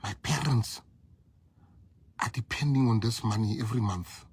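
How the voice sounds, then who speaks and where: A man's voice: lowish voice, normal speed, a little mellow, slightly rough. A South African man and party leader telling a personal story in a speech, emphatic and repeating lines for effect.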